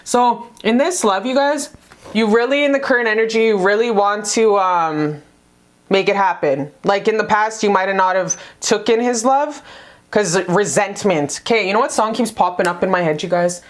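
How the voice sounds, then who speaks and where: A chatty woman talks straight to her viewers through a love card reading. She is blunt and swears freely, and her voice jumps up in pitch when she stresses a point. Her pitch sits in the middle range for a woman. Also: normal speed. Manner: animated, jumps in pitch for emphasis. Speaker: tarot card reader. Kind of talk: casual love tarot reading to camera.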